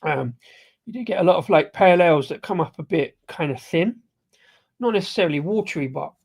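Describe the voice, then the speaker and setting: In a fairly high, expressive voice that is brisk, creaky and darkish with a breathy edge, a man runs a casual live beer review. He keeps stopping to restart or correct himself, umming and rambling hesitantly while sipping and tasting the beer.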